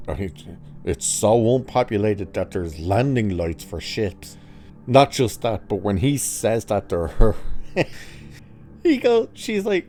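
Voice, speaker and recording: A man's voice: lowish voice, animated, a little slow, mellow, faint music behind. A man reviewing a TV episode in a sarcastic, mocking rant, swearing casually as he picks apart the plot. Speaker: TV review vlogger.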